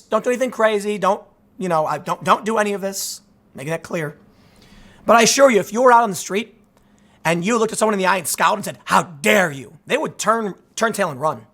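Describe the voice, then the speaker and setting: High, bright-voiced male commentator. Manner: rambling and animated, repeating himself and acting out imagined dialogue. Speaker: commentary host. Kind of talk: casual political commentary.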